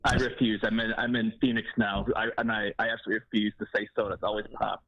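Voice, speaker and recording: A man with a southern Michigan accent calls into a podcast and tells chatty stories at a quick clip. His voice comes through a dull, lo-fi call line, dry and without room sound. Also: fairly low pitch, little pitch movement, no echo. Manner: chatty storyteller, laughs while talking. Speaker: caller. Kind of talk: casual chat.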